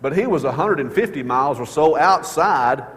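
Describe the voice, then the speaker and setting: A man preaching a sermon in church, earnest, repeating his key questions and slowing down to stress words. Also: a little high, animated, a bit bright, long reverb tail. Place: church sanctuary.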